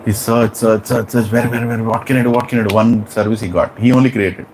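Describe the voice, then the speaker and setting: Animated Indian English spiritual teacher. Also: male voice, mid-range voice, brisk, slight background noise, rough recording. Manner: animated, acts out characters, asks the class questions. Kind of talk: class lecture with storytelling.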